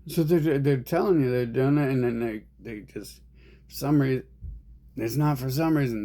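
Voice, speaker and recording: A man's voice: medium pitch, moderate pace, warm tone. A man ranting in a rambling monologue, profane and agitated, speaking as an online commentator.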